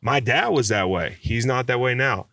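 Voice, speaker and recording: Brief: man guest, casual swearing storyteller, mid-pitched, acts out voices. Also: normal speed, slight background noise. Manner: animated, swearing, acts out quotes. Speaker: podcast guest.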